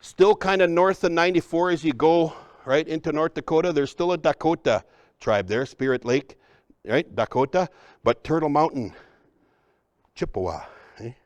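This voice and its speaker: Energetic man leading a workshop. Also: on the high side, normal speed, no room sound. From Upper Midwest, United States. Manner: energetic, joking, addresses the crowd as folks. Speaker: cultural trainer. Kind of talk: lively workshop presentation.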